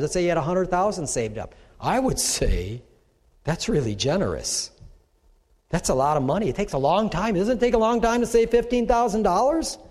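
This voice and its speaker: A male pastor preaching a sermon in a lively, conversational way, asking his listeners rhetorical questions. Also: high-pitched. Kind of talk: sermon teaching. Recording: long reverb of a large hall.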